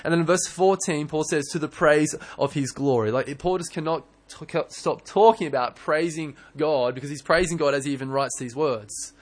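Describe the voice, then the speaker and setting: A young man preaching a sermon in church, earnest and animated, often restarting his words. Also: a little high, moderate pace, few pauses. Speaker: pastor.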